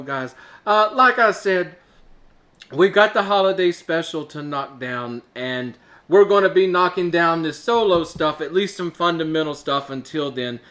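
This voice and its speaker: Chatty congested man, high voice. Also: animated, measured pace, a bit bright. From Alabama, US. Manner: rambling, chatty, with filler uhs and laughs. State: stuffed-up nose, congested. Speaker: show host. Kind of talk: casual solo talk to camera.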